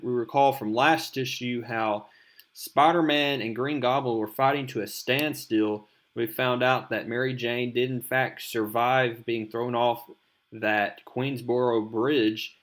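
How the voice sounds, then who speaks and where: A man hosting a casual comic book recap, talking in a loose, rambling way. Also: mid-range voice. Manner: loose, rambling, many "I mean" fillers. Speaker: comic book video host.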